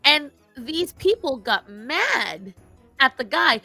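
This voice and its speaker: Bright-sounding streamer lady, animated and blunt, talking to her chat. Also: sits high, slow pace, vocal fry, faint music behind. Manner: animated, opinionated storytelling. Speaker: streamer host. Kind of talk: casual chat to a live chat.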